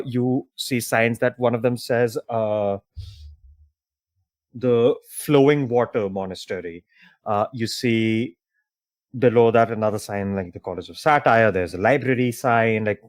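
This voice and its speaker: A man narrating a tabletop game as game master, halting with many fillers. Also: mid-range voice, a little mellow, no room sound, clean studio sound.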